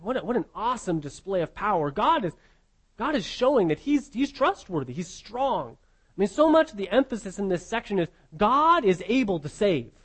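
A man with a notably high-pitched voice delivers an expository sermon. He speaks earnestly and emphatically. He keeps circling back with rhetorical questions to press his point home. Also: big pitch swings, moderate pace, a bit bright. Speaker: preacher.

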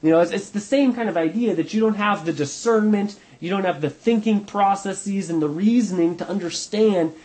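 Male Bible study teacher with a high voice, casual and thinking aloud, hedging as he goes. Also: moderate pace, few pauses, a little mellow.

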